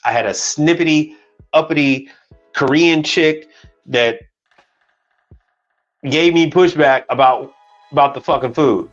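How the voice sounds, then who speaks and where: A man's voice: a little high, expressive, unhurried, pauses often, muffled recording, faint music behind. A man from Chicago, a commercial kitchen equipment tech, ranting bluntly and with plenty of swearing as he chats on a live stream and argues with comments from his chat. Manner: talks back to chat comments.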